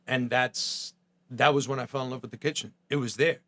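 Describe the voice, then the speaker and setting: A man's voice: mid-range voice, fairly even intonation, a little fast, sharp tone. A middle-aged man from New Jersey, a chef guest on a podcast, telling his story bluntly and with profanity, often acting out quoted voices.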